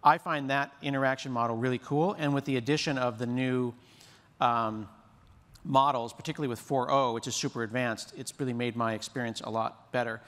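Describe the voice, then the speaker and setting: A man's voice: mid-range voice, fairly even intonation, a little fast, fairly bright tone. A man giving a chatty, enthusiastic demo talk on a conference stage. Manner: chatty, self-described yapper. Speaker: presenter. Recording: long hall reverb.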